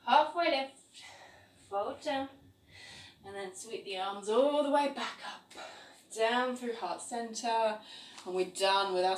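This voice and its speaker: Echoey woman cueing a yoga class. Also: a little high. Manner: calm step-by-step cueing of poses. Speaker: yoga teacher. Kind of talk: guided yoga class instruction. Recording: echoey room, voice from a distance, faint ambience.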